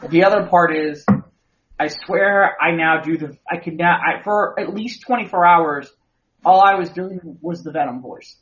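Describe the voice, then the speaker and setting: A man's voice: a little high, moderate pace, fairly bright tone. Rambling male podcast co-host, muffled audio. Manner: rambling, with many restarts and repeated words. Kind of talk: casual chat, movie review.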